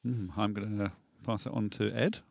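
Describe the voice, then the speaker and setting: A man's voice: lowish voice, normal speed, creaky, no room sound. A man hosting a comedy music show, running a silly game with playful, laughing banter. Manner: playful, laughing, excitable quizmaster.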